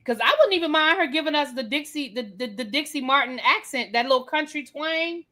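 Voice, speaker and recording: Bright, animated woman hosting a chat. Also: high voice, a little fast. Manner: animated, emphatic, repeats phrases. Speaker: channel host. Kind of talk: casual live review chat. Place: home, getting ready to go out.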